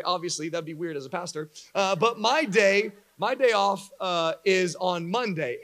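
A young man preaching a sermon to a congregation, telling stories with lively acted-out voices. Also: high voice. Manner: animated storyteller acting out voices for a live congregation. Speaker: pastor.

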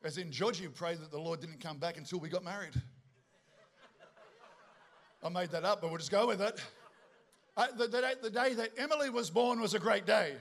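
Middle-aged man, high-pitched, lively joking preacher working the room. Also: moderate pace, gravelly, pauses often. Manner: animated, joking storyteller with asides to the congregation. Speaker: pastor. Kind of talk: sermon.

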